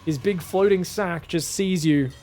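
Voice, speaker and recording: A man commentates an esports match on his own, talking the viewers through each play in a relaxed, chatty way. His voice sits a little high and has a gravelly, fry-laced texture. Faint music plays underneath. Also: a little slow. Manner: chatty, explains strategy to viewers, addresses them as guys. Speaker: esports caster.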